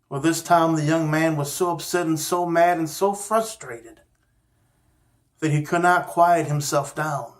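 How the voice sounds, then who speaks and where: A man telling a story in a gentle, unhurried, folksy way, as host of a storytelling series. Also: a little high. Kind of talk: storytelling narration.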